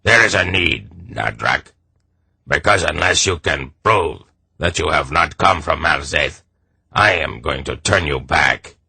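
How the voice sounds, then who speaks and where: A man's voice: rumbling low, lively intonation, unhurried, gravelly, pushed and bright, slightly rough, no echo, heavily acted. A man voicing a short, strutting, suspicious army captain who talks in a belligerent, clipped way.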